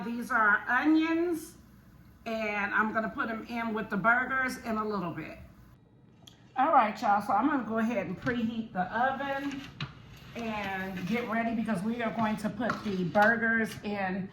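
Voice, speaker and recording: A woman's voice: mid-range voice, a bit bright, slight background noise, low-quality recording. A woman hosting a casual home cooking video, chatting straight to her viewers as she cooks. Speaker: cooking vlogger. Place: home kitchen.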